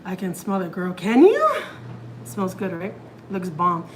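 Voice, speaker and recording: A woman's voice: fairly low pitch, very animated, unhurried, a little hiss or hum, rough recording. Chatty woman cooking at home. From Houston, Texas. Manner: chatty, talks straight to viewers, lots of "like" and "y'all". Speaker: family vlogger. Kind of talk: casual cooking vlog. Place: home kitchen.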